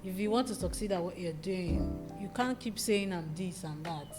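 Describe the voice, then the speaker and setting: Lively Nigerian woman chatting over music. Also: fairly low pitch, normal speed. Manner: chatty, animated, often laughing mid-story. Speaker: interview guest. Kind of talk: casual interview chat. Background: background music.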